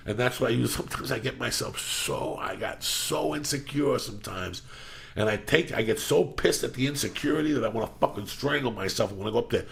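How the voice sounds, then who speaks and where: Gravelly, profane middle-aged podcast host. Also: male voice, medium pitch, animated, fairly quick. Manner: loud, profane, rambling pep talk. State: stuffy nose. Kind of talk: profane casual podcast rant.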